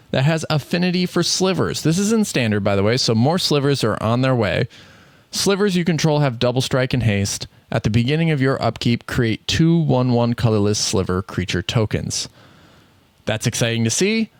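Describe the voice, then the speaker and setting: A man's voice: mid-range voice, smooth, dry recording. A man with a Midwestern accent, chatting casually on a podcast about card games, rambling and correcting himself as he goes. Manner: rambling, self-correcting, laughs often. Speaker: podcast co-host. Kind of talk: casual card game chat.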